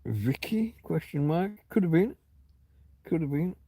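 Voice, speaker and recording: A man's voice: a little high, sing-song, unhurried, mellow, slightly rough, no echo. A middle-aged man hosting a casual livestream from home on his phone, meandering and reminiscing, often trailing off and restarting his thoughts. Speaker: livestream host. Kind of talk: rambling casual chat.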